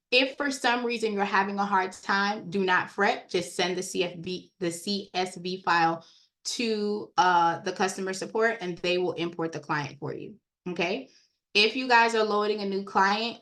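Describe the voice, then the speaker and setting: A woman giving a casual, chatty walkthrough of credit repair software on a screen share, talking straight to her viewers. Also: medium pitch. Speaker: software trainer.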